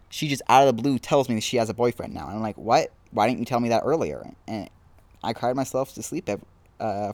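A man's voice: mid-range voice, no room sound. Rambling young man podcasting outdoors. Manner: rambling, self-deprecating, halting restarts. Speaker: podcast host. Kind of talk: casual solo podcast monologue.

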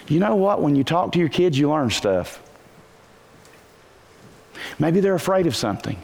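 A man preaching a sermon to a congregation, animated, asking rhetorical questions and breaking into bursts of shouting. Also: a little high, normal speed, vocal fry, long pauses. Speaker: pastor.

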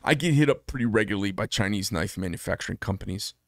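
A man's voice: fairly low pitch, expressive, fast talker, vocal fry, no room sound, clean studio sound. A middle-aged American man who makes knives, talking alone to camera in a blunt, combative, profane manner. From United States. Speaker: knife maker and channel host. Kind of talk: solo monologue to camera.

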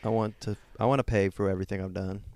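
A man's voice: fairly low pitch, level tone, quick pace, warm tone. A man co-hosting a casual comedy podcast, telling self-mocking stories in a joking way. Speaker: podcast co-host.

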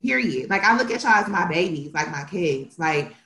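A woman's voice: fairly low pitch, animated, normal speed, a bit bright, echoey room. A young woman co-hosting a podcast, talking casually and emotionally about her family and siblings. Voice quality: emotional, tearful at times. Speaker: podcast co-host.

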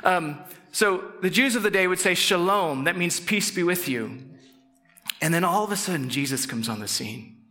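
A middle-aged man preaching a casual, conversational sermon. He acts out quick quoted voices and sometimes drops to a soft, intense tone. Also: sits high, lively intonation. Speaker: pastor.

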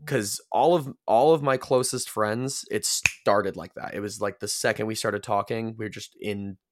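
A man's voice: on the low side, fairly even intonation, moderate pace, noisy background. A man talking as a podcast guest in casual chat, reflective and rambling, often restarting his sentences.

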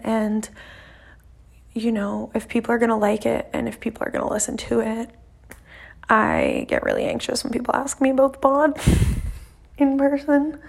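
A woman's voice: a little high, gravelly, husky. A young woman hosting her own podcast alone, talking casually and nervously into her mic, rambling with lots of fillers and the odd swear. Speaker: podcast host. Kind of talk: casual solo podcast monologue.

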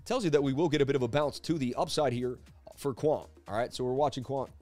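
A man hosting a casual live stream of crypto chart analysis from his seat at a desk, talking in an energetic, rambling, jokey way. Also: mid-range voice, fast, soft background music. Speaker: crypto market analyst host. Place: seated at a desk indoors.

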